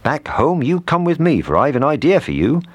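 A cheerful old village baker, as a storyteller puts him on, pleased and musing. The voice is lifted well above the reader's own very deep tone and moves a lot. It sounds close and dry. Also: male voice, big pitch swings, normal speed, no room sound.

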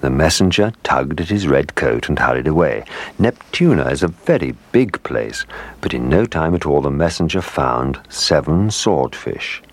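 Deep-voiced man reading a storybook. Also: animated, normal speed. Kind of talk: children's storybook narration.

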